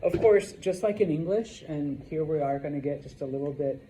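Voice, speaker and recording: Chatty male Spanish teacher, mellow voice. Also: on the high side, brisk, a little hiss or hum, low-quality recording. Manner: chatty, joking asides with many okays. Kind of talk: classroom lesson.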